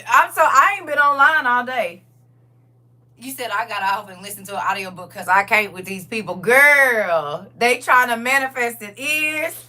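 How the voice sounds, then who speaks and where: Livestream host, woman, bright tone, animated and slangy with chat. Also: fairly high pitch, recorded from a distance. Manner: animated, laughing, talks back to chat with slang. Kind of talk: casual livestream chat reading viewer comments.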